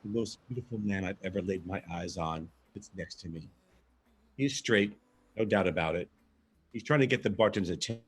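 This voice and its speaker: A man with a low, husky voice reads his own story aloud in a live theatre piece. He tells it expressively, in the first person, as a monologue. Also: fairly quick.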